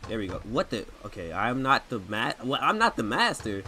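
A young man giving live commentary on a video game he is playing, with slangy reactions and sudden loud outbursts. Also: mid-range voice, very animated, normal speed, a little hiss or hum. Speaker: gaming streamer. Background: loud game music with plucked guitar.

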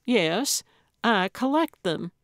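Brief: cheeky, quick-witted old lady detective, read by a woman narrator, slow and dry. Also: mid-range voice, animated, dry recording. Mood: sly. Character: feisty eccentric elderly woman sleuth.

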